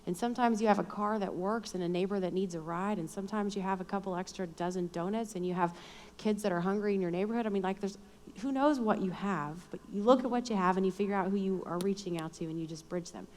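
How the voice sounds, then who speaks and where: A woman's voice: medium pitch, fast, a little mellow. A middle-aged woman telling a personal story in a chatty, self-deprecating way at a Christian conference. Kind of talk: storytelling sermon talk. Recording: long hall reverb.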